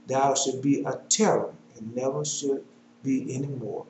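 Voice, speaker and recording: A man preaching a sermon, reading scripture aloud in a measured cadence and breaking off into loose talk with fillers. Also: medium pitch, steady tone, darkish tone, roomy sound, a little hiss or hum, poor audio.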